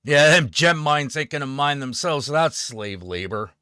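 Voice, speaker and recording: A man's voice: fairly high pitch, lively intonation, normal speed, pushed and bright, clear, resonant tone, no echo, clean studio sound. Sarcastic, swearing man ranting on stream. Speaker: streamer host. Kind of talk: profane political rant.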